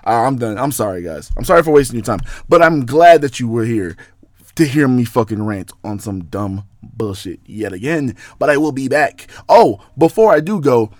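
Profane rambling young man, lively pitch. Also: moderate pace, no room sound, studio quality. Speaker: podcast host. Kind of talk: casual rant monologue.

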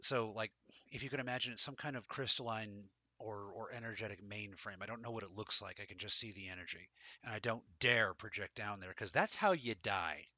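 A man with a slightly low voice and a bright, forward tone talks through metaphysical ideas in a loose, slangy way, with some swearing. His voice sounds dry and close to the mic. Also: fairly quick, no room sound. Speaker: host talking metaphysics. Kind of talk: casual chat.

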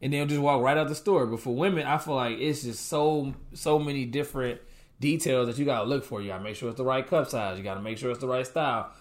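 A man's voice: mid-range voice, quick pace. A young man, co-hosting with his wife, casually tells a story and acts out his own reactions. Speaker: co-host, husband.

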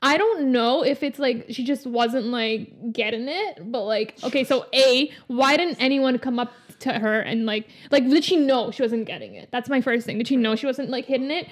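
A young woman chatting casually about a movie, animated and full of filler words. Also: on the high side, normal speed, hardly any pauses. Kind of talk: casual chat reviewing a movie.

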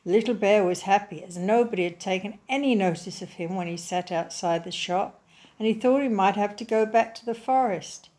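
A woman reading a children's story aloud in a slow, gentle, clearly enunciated way. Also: medium pitch.

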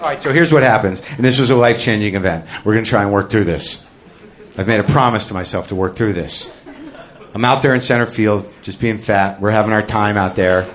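A man doing a stand-up comedy routine, telling a rambling, self-deprecating confessional story and breaking into loud shouted bits. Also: on the low side, a little fast, some chatter behind, a little hiss or hum.

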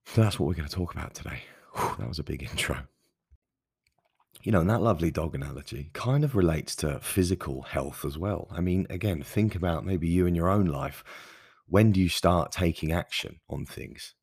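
A man's voice: deep voice, moderate pace, vocal fry, a little mellow, breathy edge, no echo, studio quality. A man hosting his own podcast, talking earnestly and passionately in a solo monologue, with emphatic stresses and frequent restarts. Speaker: podcast host.

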